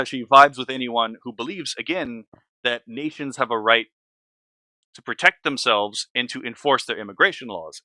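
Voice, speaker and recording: A man's voice: medium pitch, pushed and bright, dry recording. A man hosting a reaction video, talking casually in a rambling, blunt, opinionated way with many fillers.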